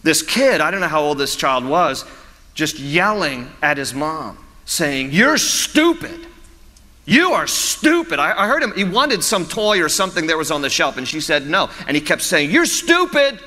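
A man's voice: fairly high pitch, expressive, moderate pace, bright, forceful tone, long reverb tail. A man preaching a sermon as pastor, storytelling with humor and frequent chuckles.

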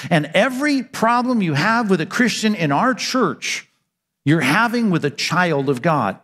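A man's voice: sits high, fairly bright tone. Emphatic male preacher in a reverberant hall. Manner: emphatic preaching with rhetorical questions and self-answers. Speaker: pastor. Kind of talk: sermon.

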